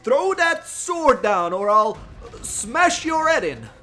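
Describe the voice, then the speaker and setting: A man voicing a frightened, blustering male town guard with a trembling voice who yells threats. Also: very high-pitched, sing-song, slow, faint music behind, pitched above the performer's own voice, full character voice. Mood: shouting, panicky. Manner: yelling threats.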